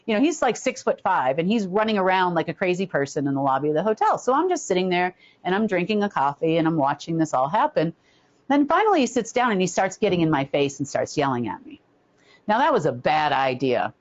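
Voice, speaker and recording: Woman, casual rambling storyteller, lots of ums, fond of acting out voices; lowish pitch, dull lo-fi recording. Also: a little fast. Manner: rambling, filler-heavy, slips into animated impressions.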